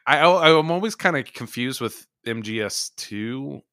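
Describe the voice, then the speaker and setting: A man's voice: mid-range voice, animated, measured pace, a bit bright, dry recording, clean studio sound. A man co-hosting a podcast, talking casually in an easygoing way. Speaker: podcast co-host. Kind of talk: casual chat.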